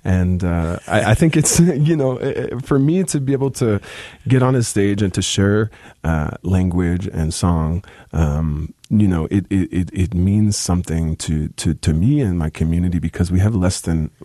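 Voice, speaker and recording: A young adult man with a deep, gravelly voice, speaking as an interview guest in a thoughtful, halting way with many restarts. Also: warm tone, no room sound, clean studio sound. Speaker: musician guest. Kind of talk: casual interview talk.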